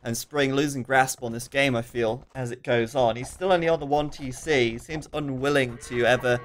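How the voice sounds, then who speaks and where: A man's voice: medium pitch, fairly even intonation. Casual male game commentator reading chat. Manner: casual, chatty, reads out viewer questions; quick asides and frequent fillers. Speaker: esports commentator.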